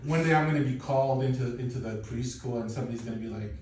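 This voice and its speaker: A man in his thirties, originally from Poland, doing a stand-up set with animated, profane, self-mocking storytelling. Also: medium pitch, very fast. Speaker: stand-up comedian. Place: comedy club. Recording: echoey club, distant mic, faint noise.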